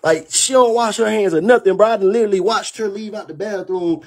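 A young man telling a heated, profane story on his livestream, animated and worked up. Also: high-pitched, fairly quick. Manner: profane, animated, keeps saying "bro".

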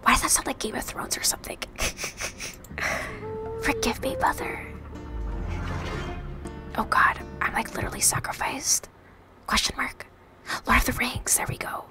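A young woman streams in whispered role-play, chatty and casual, with frequent swearing. Her high whisper moves up and down a lot. Game music sits clearly behind her. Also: wildly swooping pitch, normal speed, long pauses, rough recording.

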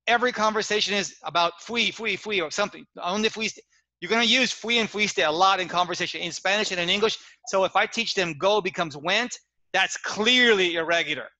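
Casting: high, bright-voiced male teacher trainer, lively explainer, dry video-call sound. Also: no echo, poor audio. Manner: animated explaining with examples. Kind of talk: webinar lecture.

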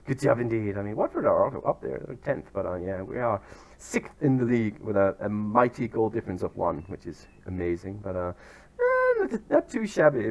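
A chatty young man commentates his football management game, his pitch swinging widely as he reacts. He talks casually and pokes fun at himself, breaking into sudden excited yelps. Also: normal speed. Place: outdoors near turkeys.

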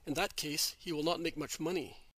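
A gentle, devout male apostle, read by a man who speaks kindly and patiently, his voice bright and forward. The sound is close and dry, with no room around it. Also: fairly high pitch, steady tone, moderate pace, slightly rough, no room sound. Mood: earnest. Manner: kind, patient and explaining.

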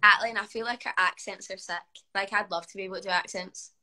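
A woman in her twenties with a Scottish accent, a footballer chatting casually on a livestream, animated and full of "like". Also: medium pitch, fast talker, low-quality recording. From Scotland. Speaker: guest footballer.

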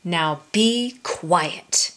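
A woman's voice: lowish voice, animated, very slow, a bit bright, heavily acted. A woman reading a storybook aloud and voicing a big, greedy male tiger who pleads, then turns smug and growling.

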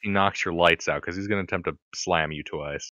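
A man's voice: deep voice, steady tone, fairly quick, pushed and bright, dry recording, dull audio. A man running a tabletop game as game master on a live stream, talking casually and crudely, often restarting his sentences. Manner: casual, crude, stumbles and restarts when explaining.

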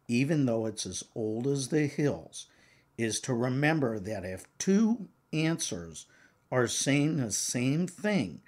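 Older male professor, husky, slow and deliberate, emphatic teaching delivery. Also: medium pitch, darkish tone. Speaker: counseling exam prep author and professor. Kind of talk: lecture to exam takers.

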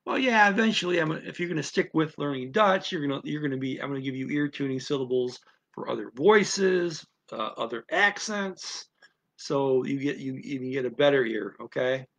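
A man's voice: mid-range voice, animated, moderate pace, creaky, fairly bright tone. A man giving a casual spoken lesson on learning a language, rambling with many restarts.

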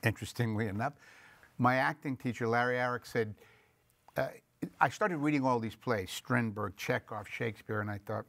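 A man's voice: mid-range voice, steady tone, brisk, creaky, a bit bright, dry recording. A man, a film director, telling stories in an interview in a reflective way and acting out quoted voices. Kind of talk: storytelling interview.

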